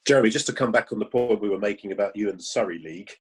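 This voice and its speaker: A man's voice: on the low side, racing, slight background noise, rough recording. A man hosting a panel and asking conversational follow-up questions. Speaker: host. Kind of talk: interview hosting.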